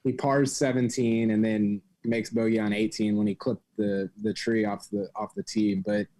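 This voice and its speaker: A man's voice: lowish voice, level tone, normal speed, mellow. A man co-hosting a golf podcast, talking in a rambling, hesitant way with many fillers. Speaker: podcast co-host. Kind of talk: casual podcast chat.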